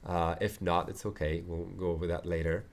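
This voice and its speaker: A man's voice: low voice, flat delivery, a little fast, vocal fry. A French man with a French accent, teaching a chatty beginner language lesson, repeating phrases and checking in often.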